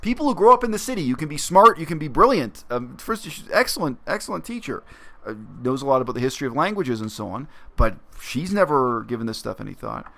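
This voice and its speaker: A man talking through a story in a reflective, explanatory vlog monologue, with frequent pauses and fillers. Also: medium pitch, expressive, creaky, fairly bright tone. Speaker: vlogger. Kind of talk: casual spoken monologue.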